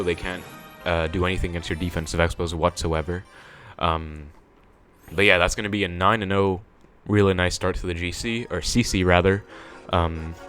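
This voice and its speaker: A man's voice: sits low, a bit bright. A young man giving casual commentary on his own gameplay, thinking aloud with many fillers. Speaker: gaming video creator.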